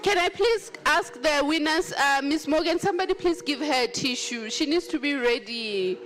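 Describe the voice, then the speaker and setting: High-pitched lively woman host. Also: moderate pace, over music. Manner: exuberant, teasing, cheering with shouts. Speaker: awards ceremony host. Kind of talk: announcing award winners. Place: large function hall.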